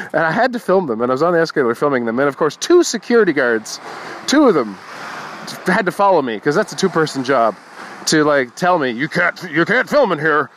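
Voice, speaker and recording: A man's voice: fairly high pitch, very animated, brisk, slight background noise. A young man hosting a casual morning podcast, rambling and wry, swearing freely. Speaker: podcast host.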